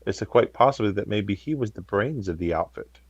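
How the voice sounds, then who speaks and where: A man playing a tabletop game, halting and methodical, asking careful questions, on a dull lo-fi mic. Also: on the low side, animated, slightly rough, dry recording. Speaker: player. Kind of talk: tabletop role-play.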